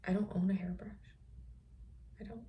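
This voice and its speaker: A woman host in a reflective personal monologue, speaking softly and often slipping into a breathy whisper. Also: medium pitch, steady tone, normal speed, narrow, tinny audio, a little hiss or hum. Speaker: podcast host.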